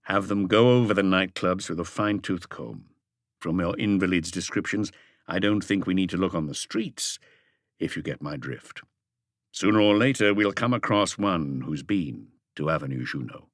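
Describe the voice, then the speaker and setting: A calm, commanding chief inspector with a low, steady voice and measured delivery, as a male audiobook narrator reads him. The recording is close and dry. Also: no echo, close to an everyday voice.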